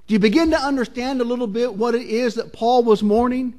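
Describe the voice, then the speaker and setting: A pastor preaching a sermon, reading scripture slowly and earnestly and asking the congregation searching questions. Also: male voice, extremely high pitch, darkish tone.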